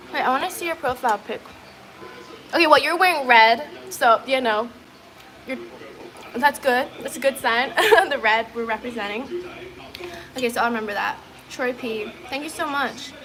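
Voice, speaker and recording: A woman's voice: high-pitched, low-quality recording. Giggly young-sounding woman chatting on a stream. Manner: giggly, chatty, many fillers. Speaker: livestreamer. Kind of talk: casual livestream chat.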